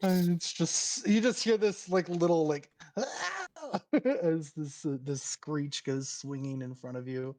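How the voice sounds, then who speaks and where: A man running a tabletop game as game master, narrating with frequent laughs and halting restarts. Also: fairly high pitch, fairly even intonation, darkish tone.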